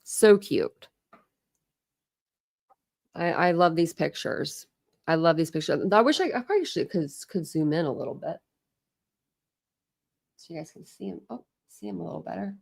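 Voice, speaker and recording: Middle-aged woman, chatty livestream host, gushing and rambling, low-pitched, dry recording. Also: lively intonation, moderate pace, gravelly, pauses often, a little mellow, no room sound. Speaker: livestream host showing family photos. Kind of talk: casual livestream chat.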